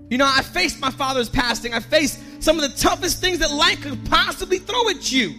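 A man preaching a sermon as pastor, emotional and personal, building to a shouted climax with repeated lines. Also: extremely high pitch, moderate pace, few pauses, soft background music.

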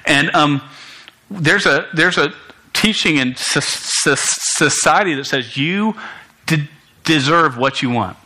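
A young man preaching a sermon to students in a church, animated and stumbling over words, with joking asides. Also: fairly high pitch, takes it slowly, poor audio. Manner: animated, many restarts and stammers, jokey asides. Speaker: youth pastor.

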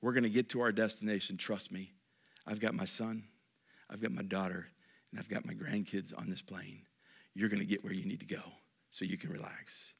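A male preacher voicing a calm older airline captain who reassures nervous passengers over the intercom in a low, hushed, soothing way. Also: moderate pace, creaky, husky.

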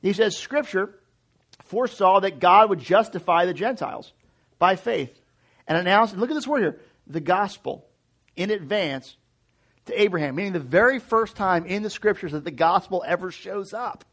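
Chatty, high-voiced male pastor. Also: normal speed. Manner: conversational and animated, with many restarts and asides. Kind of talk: sermon.

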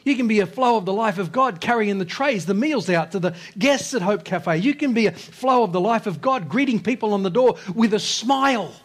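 A man preaching a sermon as pastor, impassioned, repeating phrases, swinging between loud exhortation and hushed low lines. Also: animated, fairly quick, hardly any pauses.

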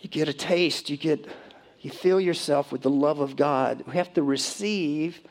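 A fairly high-pitched middle-aged man preaches as a pastor. Scripture is read slowly and with care, after which he chats conversationally with the congregation.

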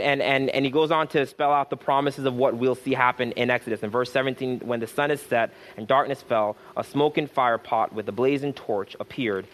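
A man delivers a sermon in a mid-pitched voice, restarting phrases again and again as he builds. He drags out key lines word by word and grows louder and more insistent, pressing his listeners to believe. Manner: repetitive restarts, rising to fervent emphasis, slows for key phrases. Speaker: pastor.

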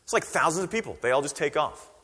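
A man preaching a sermon as pastor, conversational and animated, acting out quoted voices. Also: on the high side, quick pace, husky, big-room sound.

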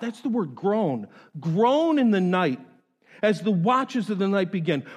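A man preaching a sermon, reading scripture aloud and explaining it with expressive emphasis. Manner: expressive preaching with dramatic pitch swings. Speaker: pastor. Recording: hall reverb.

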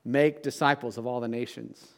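A man's voice: medium pitch, fairly even intonation, normal speed, creaky. A middle-aged man, a pastor, preaching a sermon in a conversational way, often checking in with "right?".

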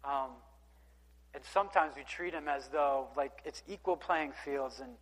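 A man's voice: mid-range voice, a little slow, fairly bright tone. A man preaching a sermon in a conversational, emphatic way, reading scripture aloud and breaking in with casual asides. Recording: long hall reverb.

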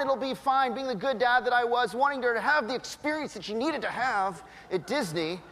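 High-voiced male pastor in a reverberant hall. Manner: animated storytelling, acts out voices. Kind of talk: sermon with personal story. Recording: long reverb of a large hall.

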